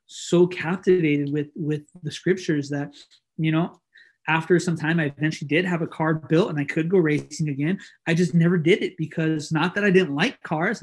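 A man preaching a sermon in a casual, conversational way, with lots of fillers, acting out the dialogue he quotes. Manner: acts out quoted dialogue with pitch jumps.

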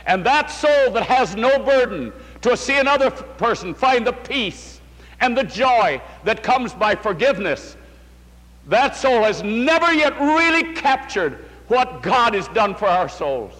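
A man's voice: very high-pitched, sing-song, measured pace, fairly bright tone. An older man preaching a sermon, telling his story with emotion and calling his listeners "my friends.". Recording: long hall reverb.

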